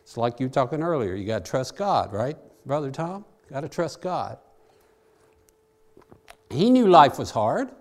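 A man with a mid-range, sing-song voice preaches a sermon, reading scripture aloud and then explaining it in plain everyday language. He speaks a little slowly with long pauses, changing his pace to draw out key phrases and hurry through asides.

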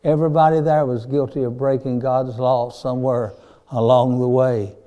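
Fervent preacher man, very dark voice. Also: medium pitch, little pitch movement, moderate pace, muffled recording. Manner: fervent, repeats "my friend", rises to emphatic peaks. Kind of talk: sermon.

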